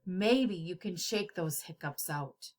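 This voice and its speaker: A woman's voice: lowish voice, expressive, slow, a little mellow, pitched below the performer's own voice. A woman voicing a practical female town mayor in a storybook read-aloud, matter-of-fact and encouraging.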